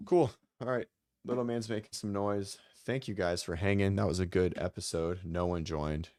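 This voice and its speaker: A man's voice: low voice, a little mellow, dry recording, clean studio sound. A man who coaches fitness, hosting a casual livestream chat in a loose, rambling way with some mild swearing.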